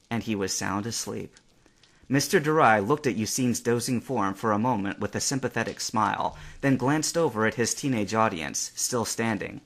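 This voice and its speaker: A man narrating a fan-fiction story aloud with expressive storytelling. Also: on the low side, moderate pace.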